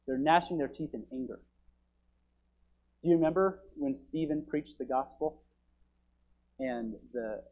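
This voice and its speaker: High-voiced man preaching a fiery sermon. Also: slightly rough, highs cut off. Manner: swings from loud urgent preaching to quiet, low asides. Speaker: pastor.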